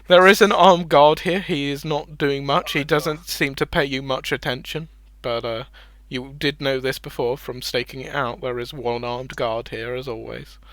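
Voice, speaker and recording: A man's voice: medium pitch, a bit bright, no room sound. A man narrating a tabletop heist as game master, easygoing and chuckling, often trailing off into fillers. The sound is dry and close, with no room around it.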